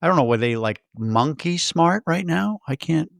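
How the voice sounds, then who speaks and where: A man's voice: on the high side, normal speed, gravelly, dry recording, clean studio sound. A man co-hosting a podcast, chatting casually about a film and acting out its lines as he retells scenes. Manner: animated retelling, acts out movie lines. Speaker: podcast co-host.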